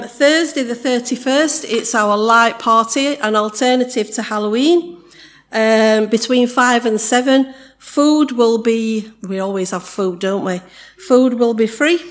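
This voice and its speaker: Higher-voiced woman leading church. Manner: chatty and warm, laughs easily, jokes with the congregation; slow and solemn in prayer. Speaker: church leader reading prayers and notices. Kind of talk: spoken prayer and church announcements.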